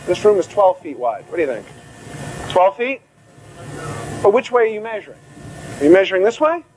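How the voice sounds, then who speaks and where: A man giving a medical lecture to a class in an animated, theatrical way, acting out confused students. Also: sits high, fairly quick, slight background noise, poor audio.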